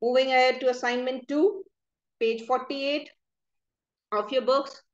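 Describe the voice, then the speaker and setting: Slow, high-voiced woman teacher dictating answers. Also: steady tone, highs cut off. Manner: slow, careful dictation of punctuation. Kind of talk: recorded grammar lesson, reading answers aloud.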